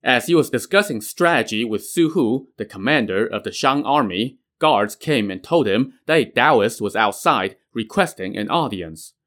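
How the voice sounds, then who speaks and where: A man narrates a classic tale in an even, plain-spoken voice. He tells the story as a storyteller would. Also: medium pitch, normal speed, few pauses.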